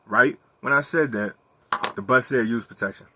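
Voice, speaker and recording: A young man talking candidly in a personal monologue, profane and animated as he tells his story. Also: medium pitch, unhurried, noisy background. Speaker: vlogger.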